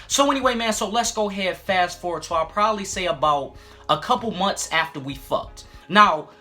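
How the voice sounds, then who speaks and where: A man in his twenties telling a crude, profanity-heavy personal story in a casual, animated vlog style with frequent asides. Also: high-pitched, normal speed. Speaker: storytime YouTuber.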